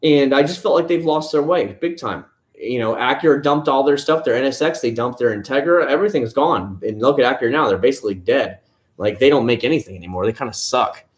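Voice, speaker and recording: A man's voice: medium pitch, brisk. A man hosting a casual live stream from home, rambling easily about cars and answering viewer chat one comment at a time. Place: at home, family nearby. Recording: roomy echo.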